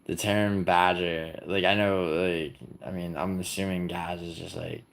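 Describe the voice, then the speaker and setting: A young man from the United States talks loosely to his livestream audience, teasing commenters and rambling in a low, gravelly voice. His speech is full of "like" and restarts. A faint hiss of noise sits under the recording. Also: level tone, measured pace. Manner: rambling, heavy on "like", teasing viewers. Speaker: livestream host. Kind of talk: casual livestream chat reading comments.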